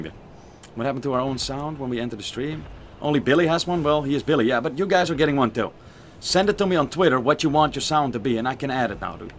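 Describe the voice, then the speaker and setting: A young man streaming a video game, swearing, joking and reacting loudly as he plays and reads the chat. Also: medium pitch, a little hiss or hum. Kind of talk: casual gaming stream commentary.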